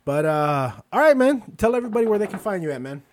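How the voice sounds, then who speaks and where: A man hosting his podcast in casual chat, telling stories loosely with plenty of swearing and sudden loud bursts. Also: high voice, very animated, quick pace, no room sound, studio quality. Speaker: podcast host.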